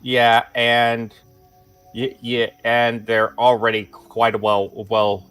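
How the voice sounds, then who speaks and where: A man chats casually with friends at a tabletop game session, mostly giving short, easygoing replies. His voice sits at an average pitch for a man. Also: monotone, slow, a bit bright, clean tone, faint music behind. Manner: laid-back, brief replies. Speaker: player.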